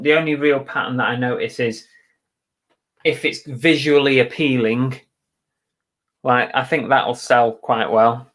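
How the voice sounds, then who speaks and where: Slow-talking English man on a live stream. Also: medium pitch, fairly bright tone, low-quality recording. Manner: chatty, blunt, swears casually, reads out viewer comments. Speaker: eBay reseller livestreaming. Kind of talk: casual live-stream chat while listing items.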